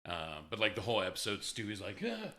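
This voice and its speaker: A man's voice: sits low, fast talker, a crowd in the background. A man co-hosting a podcast in an office, chatting casually in an easygoing, joking way and laughing often. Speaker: podcast co-host. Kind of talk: casual chat.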